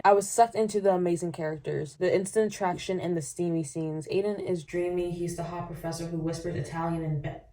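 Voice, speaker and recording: Young woman, casual vlogger, mid-pitched, sarcastic and animated while reading reviews. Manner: sarcastic, animated, reads reviews aloud then reacts. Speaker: booktuber reviewing romance novels. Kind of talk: casual chatty book review.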